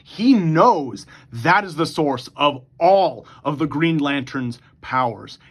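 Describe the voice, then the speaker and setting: The YouTube host, speaking with a fairly high pitch, races in bursts through his recap of an imagined story. He keeps things casual and excitable, swearing freely along the way.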